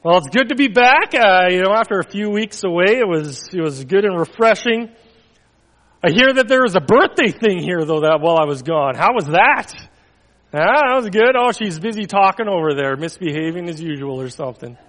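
A man, a pastor, reading a children's story to the congregation and then giving church announcements with expressive, dramatic pacing. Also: high voice. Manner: expressive storytelling, dramatic pauses, drops to near whisper. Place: church hall. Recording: long hall reverb.

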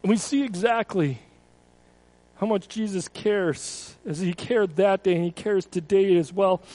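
Young male preacher, high voice, dry close sound, earnest and storytelling. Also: a little mellow, no room sound, low-quality recording. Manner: earnest storytelling, rising to urgent emphasis. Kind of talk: sermon.

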